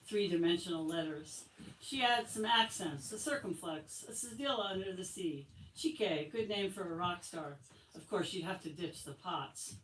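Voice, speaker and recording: Author reading aloud in an echoey bookstore. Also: female voice, fairly low pitch, a little hiss or hum. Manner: expressive reading, light laughs. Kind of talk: reading her novel aloud at a bookstore event. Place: bookstore, indoors. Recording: echoey room from far off, faint ambience.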